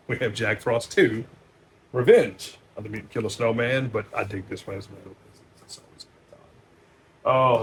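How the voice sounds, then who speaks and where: Playing a store owner, a man casually works through a stack of movies, loose and profane, with lots of fillers and a sudden louder burst on each title. His pitch is medium, and a little hiss or hum is audible.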